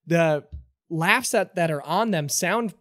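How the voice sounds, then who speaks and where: A man's voice: on the high side, slow, fairly bright tone, dry recording, studio quality. A man narrating as game master in a tabletop role-playing game, loose and full of fillers.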